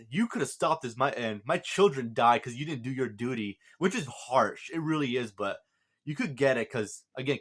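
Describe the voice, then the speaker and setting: A man's voice: fairly low pitch, a bit bright. A man talking through a film's plot in a casual, rambling review, with lots of fillers and restarts and the odd chuckle. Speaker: movie reviewer. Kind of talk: casual spoken movie review.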